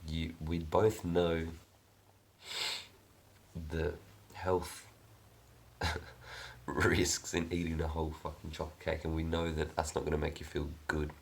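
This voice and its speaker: Male vlogger, deep creaky voice, earnest coaching tone with frequent cursing, faint background hiss. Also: completely flat delivery, measured pace, pauses often. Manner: swears freely, earnest and coaching. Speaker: self-help vlogger. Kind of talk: casual reflective monologue.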